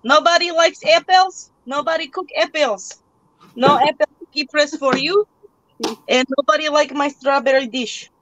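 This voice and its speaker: A woman's voice: high-pitched, normal speed, a bit bright, lo-fi sound. A young woman hosting a live online auction, joking around in a put-on broken-English accent. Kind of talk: live sale chat.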